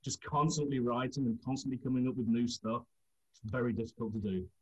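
A man's voice: medium pitch, fairly even intonation, fast, darkish tone, rough recording. A man from England, telling rambling anecdotes in a casual chat and laughing through them.

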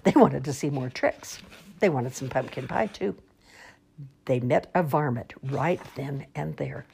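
A woman reading children's picture books aloud in an expressive, sing-song storytelling manner. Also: a bass voice, a little slow, vocal fry, slightly rough.

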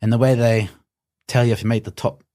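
A man, a strongman telling his competition story in an interview, animated and swearing often. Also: mid-range voice, a little fast, dry recording, studio quality. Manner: animated, swears often, acts out his own past thoughts. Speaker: guest, strongman athlete.

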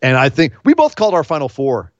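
A man co-hosting a podcast in a casual recap chat, excitable and emphatic, sometimes choked up. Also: mid-range voice, quick pace, no room sound, muffled recording. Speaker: podcast co-host.

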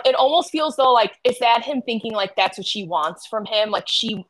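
A woman co-hosting a casual fan recap podcast, excitable, gasping and swearing freely as she talks. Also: on the high side, normal speed. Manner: excitable, swears a lot, gasps often. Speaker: podcast co-host.

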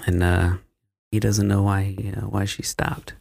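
A man's voice: on the low side, little pitch movement, measured pace, creaky, darkish tone. A man recapping a film plot on a podcast in a rambling, profane, casual way, with frequent laughter and fillers. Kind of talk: casual chat.

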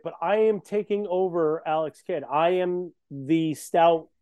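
A man's voice: fairly high pitch, measured pace, dark tone, clear, resonant tone, no echo. A man chatting casually on a podcast as a guest, boastful and joking. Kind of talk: casual chat.

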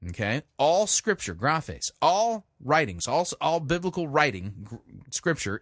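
A podcast host with a fairly bright voice delivers a sarcastic monologue in the style of an infomercial, all mock sales pitch and emphatic lists. The sound is clean studio quality with no echo.

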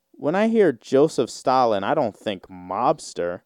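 A man's voice: medium pitch, sing-song, a little slow, a little mellow, no room sound, studio quality. A man hosting a solo podcast, rambling in casual slang with lots of fillers. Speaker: podcast host.

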